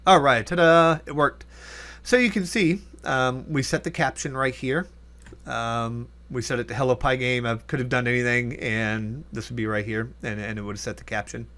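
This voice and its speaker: A man with an ordinary mid-pitched voice walks through his code in a loose, unscripted way. He trails off into quiet mutters, catches his own mistakes, and keeps on explaining while keys clatter under his talk. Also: steady tone, moderate pace. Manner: thinking aloud while typing, many fillers and self-corrections. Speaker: programming instructor. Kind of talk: casual coding tutorial.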